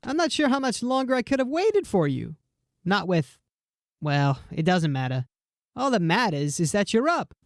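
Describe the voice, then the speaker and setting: A woman voicing a small, yellow-furred male creature guide in an audiobook, talking softly and musingly in a teasing way. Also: very animated, moderate pace, no room sound, clean studio sound. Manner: soft, musing, with swooping pitch. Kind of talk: audiobook character voice.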